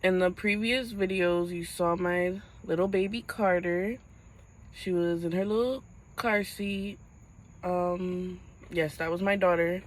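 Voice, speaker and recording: A young woman vlogging to camera, telling a painful personal story in a halting voice as she fights back tears. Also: on the low side, steady tone, low-quality recording.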